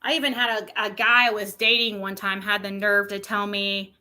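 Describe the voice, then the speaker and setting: A woman's voice: mid-range voice, little pitch movement, moderate pace, sharp tone. A woman streamer chatting casually to her viewers, rambling, with many restarts. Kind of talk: casual chat.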